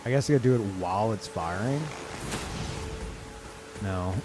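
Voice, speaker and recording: A man's voice: on the low side, moderate pace, long pauses, music in the background. A man streaming a game live, reacting in disbelief, swearing often and laughing a lot. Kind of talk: live gameplay commentary.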